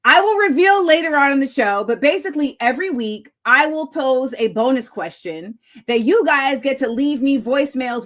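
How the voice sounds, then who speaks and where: A woman with a slightly high voice hosts a live-streamed talk show. She talks in a loose, chatty way, gets excited easily, and breaks into laughter as she welcomes viewers. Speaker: host.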